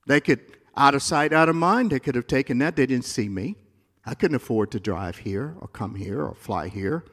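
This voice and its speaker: A male pastor preaching a sermon in a church, moving between quiet, confiding asides and loud, rising climaxes. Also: medium pitch, lively intonation, normal speed, big-room sound.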